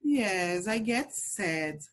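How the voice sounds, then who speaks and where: A woman teaching English to young children, with a Brazilian Portuguese accent, speaking in slow, exaggerated, sing-song teacher talk with lots of repetition. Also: mid-range voice, animated. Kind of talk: children's language lesson.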